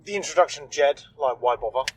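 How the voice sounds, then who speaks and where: A man's voice: fairly high pitch, lively intonation, fast, low-quality recording. A young man co-hosting a podcast in casual chat, rambling and searching for words, agreeable with his co-host.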